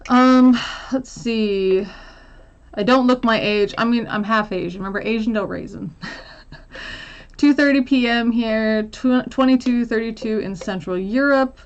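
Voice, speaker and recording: A woman's voice: on the high side, a little slow, muffled recording. Chatty American woman livestreaming. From United States. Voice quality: chatty, laughs often, many fillers and trailing asides. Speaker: livestream host answering viewer questions. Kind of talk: casual chat.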